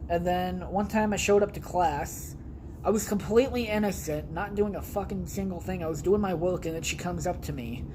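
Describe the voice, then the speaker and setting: A man's voice: sits high, moderate pace, background noise. A young man hosting a podcast from his home basement, telling rambling stories casually with blunt, heavy swearing. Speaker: podcast host. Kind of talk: casual storytelling monologue.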